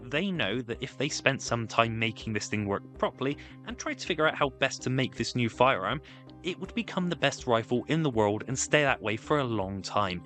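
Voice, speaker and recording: A man's voice: medium pitch, expressive, normal speed, fairly bright tone, soft background music. Wry man narrating history. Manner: wry, jokey, sarcastic asides. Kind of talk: scripted comedic narration.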